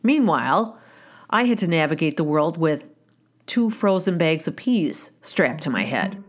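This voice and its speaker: A woman's voice: sits low, animated, measured pace, faint music behind. A woman, a wife and mother, telling a personal story in a candid, wry, conversational way, often restarting her sentences.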